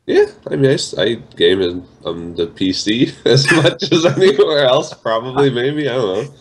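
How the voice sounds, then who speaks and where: A man co-hosting a casual podcast, deadpan. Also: medium pitch, normal speed, slight background noise. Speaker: podcast co-host. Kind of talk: casual chat.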